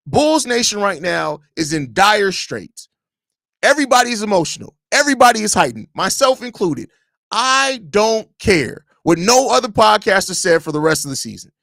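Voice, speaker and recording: High-voiced, profane Chicago podcast host. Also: male voice, moderate pace, vocal fry, no room sound, clean studio sound. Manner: blunt, profane, animated ranting. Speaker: podcast host reading live chat. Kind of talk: casual live-stream chat.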